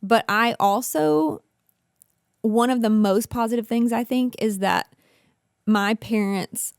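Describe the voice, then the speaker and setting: A woman's voice: on the high side, slow pace, gravelly, clean tone, dry recording, studio quality. A woman, a former school teacher, talking candidly and with animation as a guest on a casual podcast. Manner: candid and animated, uses y'all. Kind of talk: casual discussion.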